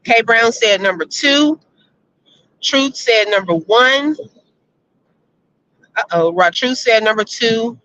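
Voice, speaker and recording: A woman hosting a casual live-stream chat, reading viewer votes and telling stories, animated and laughing often. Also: on the high side, slow pace, pauses often. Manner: chatty, animated, laughs often, addresses listeners as y'all. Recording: slightly muffled lo-fi audio.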